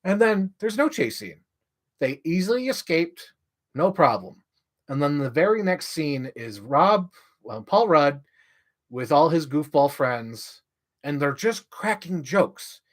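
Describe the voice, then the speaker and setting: A young man ranting casually on a livestream, rambling with lots of "like" and jumping up in pitch when he gets excited. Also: takes it slowly. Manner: rambling, heavy use of "like", restarts mid-sentence; animated, voice jumps up when excited.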